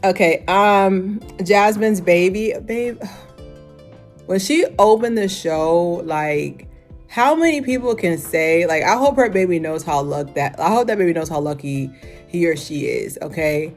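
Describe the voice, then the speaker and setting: A young woman casually reviewing a fashion show, chatty and animated, with lots of filler words and sudden high exclamations. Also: unhurried, faint music behind. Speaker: vlogger.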